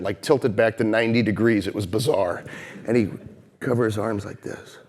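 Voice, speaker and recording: A man in his thirties from St. Louis, delivering a motivational keynote on stage and telling stories with swings from heated and loud to hushed and slow. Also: medium pitch. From St. Louis, Missouri. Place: conference stage before a live audience.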